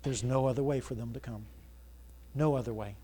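A male pastor preaching a Sunday sermon, asking the congregation to fill in words and building to loud, emphatic passages. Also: mid-range voice, steady tone, a little fast. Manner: call-and-response questions, rising to loud emphatic preaching. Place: church sanctuary. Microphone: church sound system mic.

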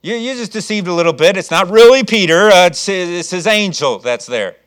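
A man preaching a sermon, reading scripture and acting out the people in the story with lively, shifting delivery. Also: high-pitched, normal speed, clear, resonant tone. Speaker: pastor.

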